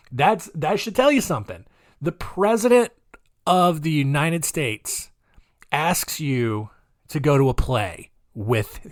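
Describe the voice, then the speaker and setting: A man's voice: mid-range voice, no echo, studio quality. A young adult man hosting a casual history podcast, rambling with lots of fillers, restarts and laughs. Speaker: podcast host.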